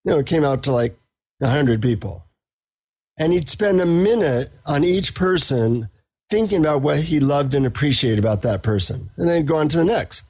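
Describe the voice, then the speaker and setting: A middle-aged man, a psychotherapist and author, chatting as a podcast guest and telling anecdotes in a relaxed, self-deprecating way. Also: a little high, moderate pace. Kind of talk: casual interview storytelling.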